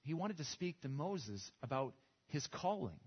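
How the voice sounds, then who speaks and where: Male pastor, husky middle voice, storytelling sermon, muffled recording. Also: a little high, very animated, measured pace. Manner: storytelling, with small restarts and repetitions. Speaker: preacher. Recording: dull lo-fi recording.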